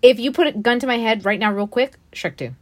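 A woman's voice: on the high side, fast talker. A woman co-hosting a podcast in casual chat, giggly and full of banter. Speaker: podcast co-host.

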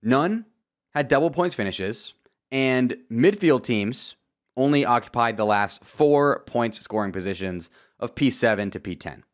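A young man from Florida giving a casual, joking race recap with lively asides and sudden loud outbursts. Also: mid-range voice, a little slow. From Florida, USA. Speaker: motorsport commentator. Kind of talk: casual video commentary.

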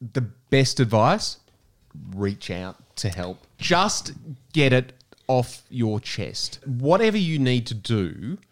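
A man's voice: medium pitch, sing-song, takes it slowly. A man, co-hosting a podcast and giving earnest, direct advice in casual chat. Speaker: podcast co-host.

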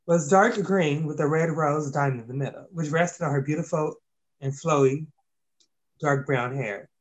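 A man reading an amateur fantasy story aloud, stumbling and correcting himself as he goes. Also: on the high side. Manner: reads with slips and self-corrections. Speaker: narrator.

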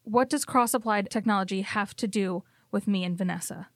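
A woman's voice: mid-range voice, fairly quick, dry recording, clean studio sound, lightly acted. A woman voicing a distrustful young woman who confronts a stranger, blunt and prone to stammering and swearing. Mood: demanding.

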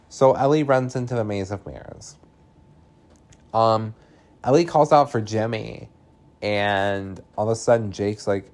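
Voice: medium pitch, a little slow, darkish tone. A speaker casually recapping a film plot, chatty and sarcastic, peppering the story with "like" and swearing. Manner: chatty, swears freely, heavy use of "like"; sarcastic asides.

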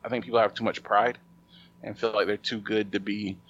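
A man's voice: fairly low pitch, level tone, brisk, fairly bright tone, muffled recording. A man hosting a podcast, talking in a casual, rambling way with lots of fillers and restarts. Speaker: podcast host.

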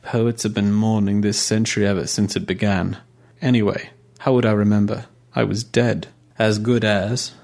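A man voicing a weary old male assassin, speaking slowly and haltingly in a mournful way. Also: lowish voice, level tone, vocal fry, a little mellow. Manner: slow, halting, mournful delivery.

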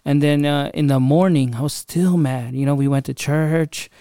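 Young man, podcast host, casual storytelling, smooth clear voice, dry close sound. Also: a little high, fairly even intonation, moderate pace, warm tone, no echo. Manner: conversational, frequent fillers and asides.

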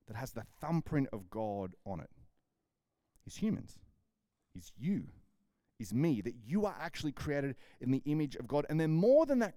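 A man with an Australian accent preaching a sermon in a lively, conversational way, often repeating words and acting out dialogue. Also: mid-range voice, no echo, clean studio sound. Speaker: pastor.

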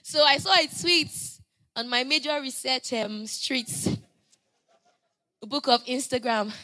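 A woman preaching a sermon, telling stories conversationally and building to loud, emphatic proclamations. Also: high-pitched, slow. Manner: conversational storytelling with playful asides.

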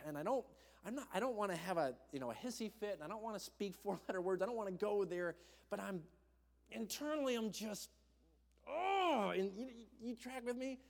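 A young man preaching, telling a personal story in an animated way and acting out the voices of the people in it. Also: high voice, a little fast, creaky. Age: young adult. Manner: animated, acts out voices in his stories. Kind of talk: storytelling sermon. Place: church hall. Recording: long hall reverb.

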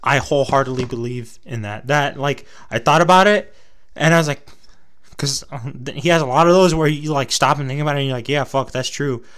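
A man's voice: medium pitch, brisk, fairly bright tone, smooth. A young man from Texas with a Texas twang, chatting to his viewers in a loose, rambling, profane way. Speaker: vlogger. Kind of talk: casual rambling chat to camera.

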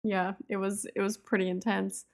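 A woman co-hosting a casual podcast chat about a TV episode, relaxed and reflective, with soft laughs. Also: medium pitch, normal speed, gravelly. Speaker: podcast co-host.

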